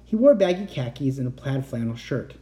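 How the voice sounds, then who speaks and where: A man reading a children's chapter book aloud in a lively storytelling way. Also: medium pitch, a little fast. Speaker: audiobook reader. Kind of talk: scripted narration.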